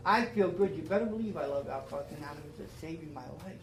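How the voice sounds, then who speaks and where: A man's voice: on the high side, rapid-fire, few pauses, echoey room, slight background noise, poor audio. Emotional older man telling his recovery story. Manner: emotional, repetitive storytelling with many restarts. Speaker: AA speaker. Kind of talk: recovery talk to a meeting.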